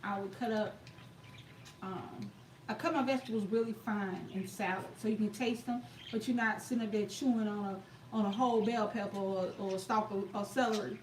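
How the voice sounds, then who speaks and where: A woman's voice: medium pitch, steady tone, a little fast, a little mellow. A woman hosting a cooking live stream, talking outdoors in a chatty, emphatic, folksy way. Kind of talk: casual live-stream chat. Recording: echoey, distant mic, faint outdoor noise.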